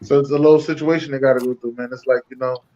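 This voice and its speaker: A man's voice: medium pitch, steady tone, very fast, mellow. A man co-hosting a podcast, ranting and joking with a lot of profanity. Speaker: podcast co-host. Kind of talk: casual podcast chat. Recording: dull lo-fi audio.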